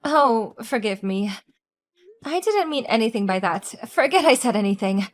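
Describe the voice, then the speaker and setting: A woman playing a divorced wife with a fairly high voice and a cutting, sarcastic way of talking to her ex. She sounds mocking and unimpressed, with faint music playing behind her in this audio drama. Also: animated, normal speed, close to an everyday voice.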